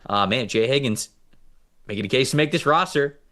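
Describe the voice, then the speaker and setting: A man's voice: medium pitch, a little fast. Male co-host, middle voice, casual stat-heavy sports chat. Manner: reads out stats, animated and joking. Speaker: co-host, football analyst.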